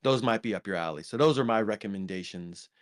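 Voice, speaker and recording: A man's voice: on the low side, fast. A man co-hosting a podcast, chatting casually about films with lots of ums and restarts. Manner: rambling, many ums and restarts. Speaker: podcast co-host. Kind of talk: casual movie review chat.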